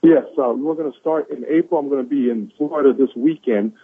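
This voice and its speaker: Husky man on a phone line. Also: medium pitch, a little fast, dry recording. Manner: enthusiastic, preachy, repeats lines for emphasis. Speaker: caller sharing quotes of the day. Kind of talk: motivational pep talk on a conference call.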